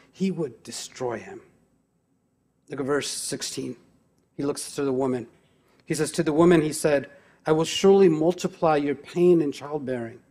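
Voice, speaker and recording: A man delivers a church sermon as pastor, driving his points home with a run of emphatic rhetorical questions. His voice sits fairly high for a man, yet its tone is mellow and warm.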